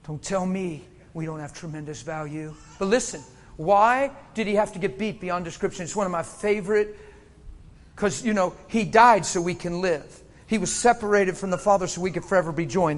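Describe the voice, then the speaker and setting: High-voiced man preaching a passionate sermon. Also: a little hiss or hum. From Pennsylvania. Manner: swings from shouting to hushed near-whispers; laughs often while preaching.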